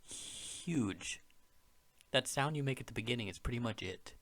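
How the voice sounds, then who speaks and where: A man's voice: medium pitch, fast talker, fairly bright tone. A man narrating a beginner language lesson, explaining words patiently and step by step. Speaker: language teacher.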